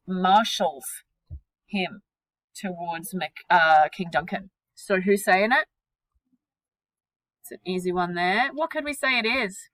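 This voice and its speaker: Woman teacher, unhurried delivery, dry close sound, quizzes the class, casual and lively. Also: mid-range voice, dry recording, rough recording. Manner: energetic, questioning, casual slang. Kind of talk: classroom literature lesson.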